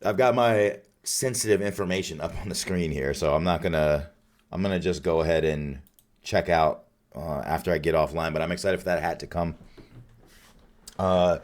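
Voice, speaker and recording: A tired man with a raspy voice, signing off a live stream with casual, rambling shout-outs to his chat. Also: rumbling low, normal speed. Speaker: streamer hosting a watch party.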